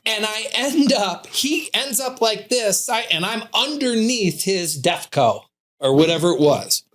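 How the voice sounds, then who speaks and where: A man's voice: high voice, unhurried. A man, an insurance agent, telling stories playfully in a casual podcast chat. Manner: animated storyteller, playful.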